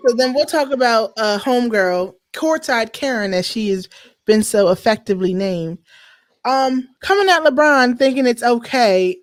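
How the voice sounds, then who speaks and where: A woman hosting a podcast, chatting casually with lively, emphatic slang. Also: fairly high pitch. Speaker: podcast host. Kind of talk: casual chat.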